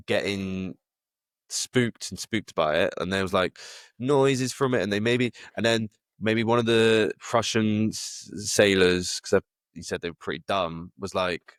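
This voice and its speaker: A man's voice: low voice, a bit bright, clear, resonant tone, no room sound, clean studio sound. A man rambling through a theory in casual chat, full of fillers and restarts. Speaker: podcast co-host.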